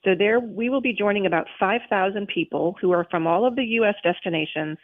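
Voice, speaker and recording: A woman's voice: mid-range voice, brisk. Chatty woman on a tinny phone line. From New Orleans. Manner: chatty, lots of fillers. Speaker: tourism official guest. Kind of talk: casual radio interview.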